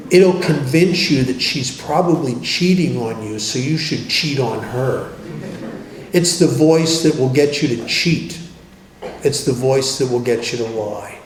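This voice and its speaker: A man giving a twelve-step workshop talk, telling stories in a wry, joking, conversational way and dropping to a hush for emphasis. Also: mid-range voice. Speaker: recovery workshop speaker. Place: meeting hall. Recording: roomy hall with faint noise.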